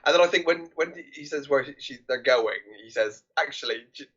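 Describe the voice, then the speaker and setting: Husky man on dull audio. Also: fairly high pitch, animated, normal speed, a bit bright. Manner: frequent agreeing interjections, hedging recall. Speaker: podcast co-host. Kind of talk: casual film discussion.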